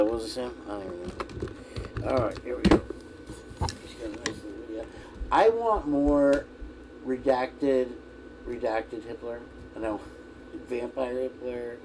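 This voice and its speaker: A man's voice: medium pitch, noisy background. Rambling, profane livestream host, a man. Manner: meandering, profane, loses his train of thought. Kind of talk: rambling casual livestream chat.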